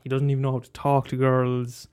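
A man's voice: medium pitch, completely flat delivery, a little fast, a little mellow, clean tone. A man talking casually about a favourite film, rambling and restarting, swearing and laughing as he goes. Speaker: film commentator. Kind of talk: casual monologue.

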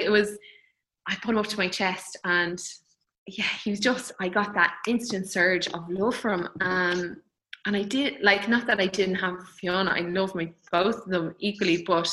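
Woman, thirties, bright forceful voice, tender, halting, lots of fillers. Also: mid-range voice, poor audio. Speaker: guest. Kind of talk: personal birth story in conversation.

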